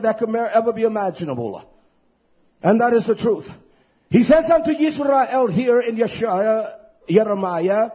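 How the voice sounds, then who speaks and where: A man with a strikingly high, breathy-husky voice delivers a fiery sermon. He drags out his emphatic phrases and fills the gaps with "uh". The recording is dull and lo-fi. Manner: fiery preaching, stretched emphatic phrases with frequent "uh". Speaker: preacher.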